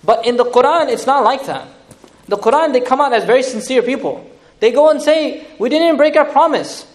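A man giving an animated lecture on scripture as an Islamic teacher, with lively, dramatic retelling and laughing asides. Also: very high voice, a little fast.

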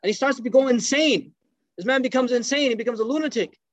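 Fast, high-voiced male storyteller. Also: no room sound. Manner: animated storyteller, acts out quoted speech. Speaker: religious teacher. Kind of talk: storytelling lecture. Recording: dull lo-fi dry recording.

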